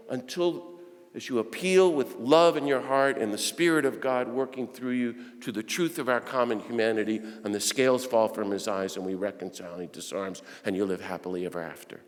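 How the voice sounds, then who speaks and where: A man giving an impassioned preaching talk to a room of listeners, asking rhetorical questions and swinging from hushed to loud. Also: fairly high pitch, a little fast. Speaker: speaker addressing Christian peacemakers. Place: large hall with audience. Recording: long hall reverb.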